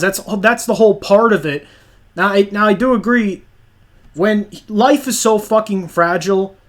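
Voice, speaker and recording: A young man rants and argues in a rambling, profane stream, dropping fillers as he goes. His voice sits high for a man. He talks over the other side like a comedic troll. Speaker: channel host arguing with a clip. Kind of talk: heated comedic argument.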